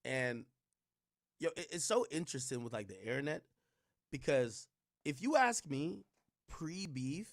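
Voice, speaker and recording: A man's voice: medium pitch, no room sound, studio quality. A man streaming casual reaction commentary, rambling and slangy with frequent restarts.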